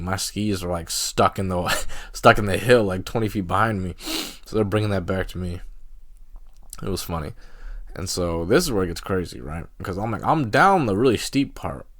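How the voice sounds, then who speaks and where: A man's voice: sits low, dry recording, clean studio sound. A young man hosting a solo podcast, telling a story casually with lots of fillers and laughing at himself. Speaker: podcast host.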